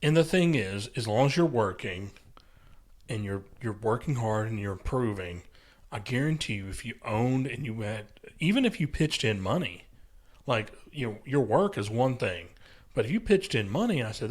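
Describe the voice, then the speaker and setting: A man's voice: medium pitch, lively intonation, normal speed. Man, podcast host, rambling casual chat, breaks into put-on voices for quotes.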